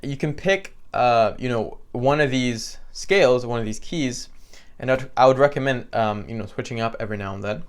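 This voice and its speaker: A man teaching piano in a relaxed, conversational way with frequent fillers, counting beats aloud. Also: medium pitch, normal speed. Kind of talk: instructional tutorial. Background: piano playing between phrases.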